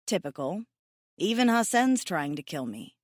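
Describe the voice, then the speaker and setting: A woman's voice: on the low side, very animated, normal speed, no room sound, clean studio sound. A woman narrating a first-person romance audiobook in an emotive, tearful, self-mocking way.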